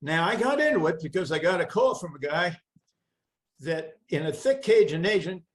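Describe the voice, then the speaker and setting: A man's voice: high voice, normal speed, poor audio. An older man giving a wry, anecdotal storytelling talk as a guest speaker on a video call. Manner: wry, anecdotal, with lively asides. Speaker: guest speaker, environmental lawyer.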